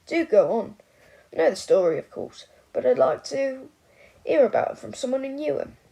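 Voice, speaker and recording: A woman's voice: high voice, moderate pace, vocal fry, exaggerated voice, poor audio. A woman voicing a composed teenage boy wizard who puts on a received pronunciation accent. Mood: controlled polite. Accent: affected English received pronunciation. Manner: steady, controlled, polite. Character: young teen boy wizard, controlled, posh put-on.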